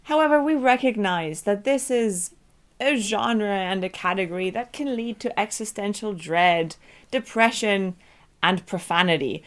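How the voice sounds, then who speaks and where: Female co-host, medium pitch, deadpan teasing delivery. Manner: dry, teasing. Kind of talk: casual chat.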